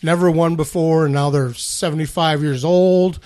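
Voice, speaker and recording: A man's voice: on the high side, fairly even intonation, moderate pace, darkish tone, a little hiss or hum. A man co-hosting a podcast, talking casually and hesitantly with many fillers. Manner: hesitant, full of "like" and "you know". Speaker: podcast co-host. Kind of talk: casual chat.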